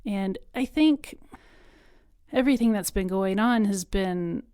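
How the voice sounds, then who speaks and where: A woman's voice: mid-range voice, slow pace, mellow, smooth, no echo, studio quality. A woman speaking earnestly as a podcast guest in a conversational interview. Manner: earnest, emotional at times, laughs.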